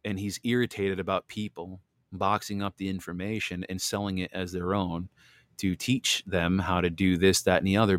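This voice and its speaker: Impassioned low-voiced man preaching. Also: no echo, studio quality. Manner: impassioned, preachy, addresses listeners directly. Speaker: podcast host. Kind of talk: heated religious podcast talk. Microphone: close desk microphone.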